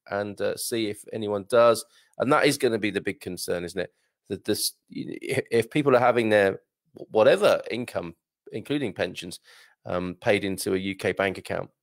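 A man's voice: mid-range voice, gravelly, no room sound, studio quality. A man hosting a casual livestream, reading out viewer comments, chatty and hesitant with lots of fillers and frequent laughter, his throat a little strained. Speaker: livestream host.

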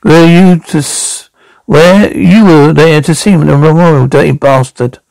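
A man voicing a gruff female detective, Vera. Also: a little high, normal speed, a little mellow, no room sound, poor audio. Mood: accusing. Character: gruff middle-aged female police detective. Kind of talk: amateur radio drama reading.

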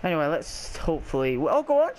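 A man's voice: fairly high pitch, big pitch swings, quick pace, slight background noise. A young man giving live commentary on his own football video game match, ranting and swearing in frustration. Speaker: gaming video creator.

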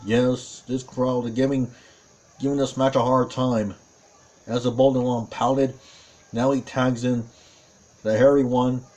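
A man calling a tag team wrestling match play by play, excitable, with frequent exclamations and self-corrections. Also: mid-range voice, a little slow, pauses often. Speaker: wrestling commentator. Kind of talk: play-by-play commentary.

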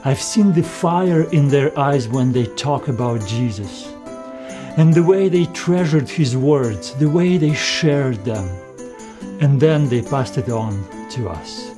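A man playing a wise, devoted Greek sage who speaks in a solemn, unhurried way. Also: mid-range voice, expressive, music in the background.

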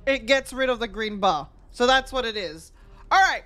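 High, bright-voiced woman streamer swearing. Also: expressive, normal speed. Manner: profane, trash-talks enemies while playing; chats with viewers between fights. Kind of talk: live gameplay commentary.

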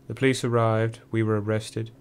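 A man reading a first-person memoir audiobook in a measured, dry storytelling manner. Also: on the low side, flat delivery, clean tone. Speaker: audiobook narrator.

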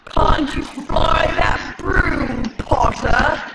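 A woman voicing a goading young rival who taunts from a broom, heard as game audio under loud noise. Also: high-pitched, very slow, exaggerated voice. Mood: taunting. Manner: sneering, goading.

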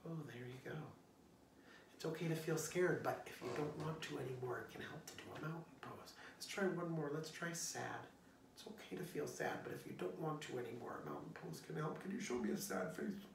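A man teaching young children in an online singalong, talking gently and encouragingly in a playful way. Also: on the high side, a little fast, creaky, a little hiss or hum. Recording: roomy echo, distant from the mic, guitar.

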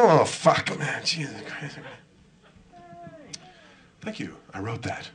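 A man's voice: high-pitched, animated, normal speed, bright, forceful tone. A middle-aged man emceeing a comedy show, rambling through self-mocking, profane bits and crowd work.

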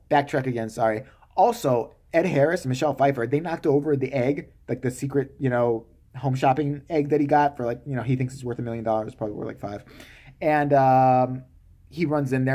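A man giving a comedic, sarcastic movie-review rant, swearing freely and acting out the characters' lines. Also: fairly high pitch.

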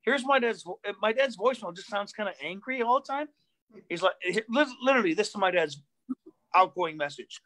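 A male stand-up comedian telling animated stories on a video call, repeating himself and acting out voices. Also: sits high, fairly quick. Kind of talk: comedic storytelling on a live online show.

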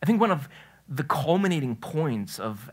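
A man's voice: a little high, very animated, normal speed, husky. A man preaching a conversational sermon in a church, telling a personal story in a chatty way and often restarting his sentences. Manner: storytelling, chatty, self-correcting, laughs at his own story. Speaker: pastor. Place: church sanctuary.

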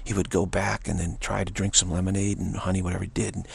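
A man's voice: low-pitched, fast, gravelly, breathy edge. A man giving an informal spiritual talk as a teacher, telling stories with animation and often repeating and restarting his words. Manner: animated storyteller, acts out other people's voices.

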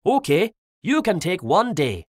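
A woman's voice: lowish voice, very animated, a little slow, a little mellow, no echo, clean studio sound, pitched above the performer's own voice. A woman voicing a weary male ogre in a storybook, speaking his lines with raised emphasis.

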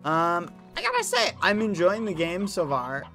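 A man's voice: sits high, huge pitch swings, normal speed, creaky, bright, forceful tone. A man livestreaming a game, chatting with his viewers in a playful, teasing way, with game music behind him. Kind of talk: casual game stream chat.

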